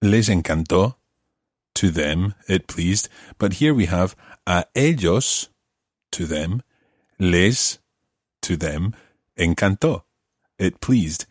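A man's voice: low voice, animated, slow, pauses often, husky, dry recording, studio quality. A man teaching a language lesson, explaining grammar patiently and methodically.

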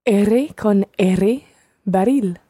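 A woman's voice: mid-range voice, drawn-out words, warm tone, slightly rough, no echo, studio quality. A woman taking part in a language lesson as the learner, carefully repeating phrases after the teacher.

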